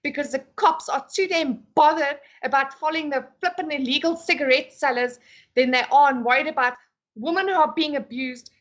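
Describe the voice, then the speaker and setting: A woman vents in a casual podcast chat, her high voice sharp with exasperation. She swears freely and sounds fed up, talking as a frustrated beauty therapist. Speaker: podcast co-host.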